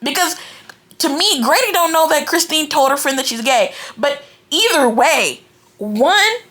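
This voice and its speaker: A young woman giving a casual, animated book reaction, ranting in exasperation and filling her talk with "like" and "right?". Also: sits high, unhurried. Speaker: book reviewer. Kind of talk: casual reading-reaction rant.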